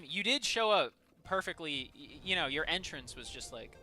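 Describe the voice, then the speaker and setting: A man streams a video game, chatting casually with his viewers, bantering with chat, swearing a lot and laughing often. His voice is a little high, pushed and bright, with lively intonation and a normal pace, over soft background music.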